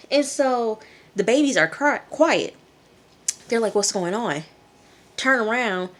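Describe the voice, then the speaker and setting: A woman's voice: on the low side, lively intonation, a little slow. Chatty woman vlogging a TV review. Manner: chatty, acts out characters' lines in a raised voice. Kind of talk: casual TV review vlog.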